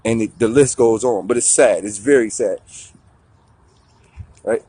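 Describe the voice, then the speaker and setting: A man telling a story in a profane, slangy, animated way on a talk show. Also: fairly low pitch, measured pace, breathy edge, no room sound.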